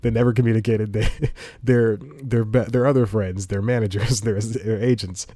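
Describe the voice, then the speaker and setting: Guy rambling on his podcast mic, lowish mellow voice, chuckles a lot. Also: fairly even intonation, normal speed, dry recording, studio quality. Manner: rambling, laughs between phrases. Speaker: podcast host. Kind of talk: casual monologue. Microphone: studio microphone with headphones.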